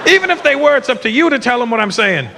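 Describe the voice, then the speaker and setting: A man doing live stand-up comedy on stage, teasing the audience in an animated way. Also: very high-pitched, fast, vocal fry, background noise. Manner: animated, teasing crowd work.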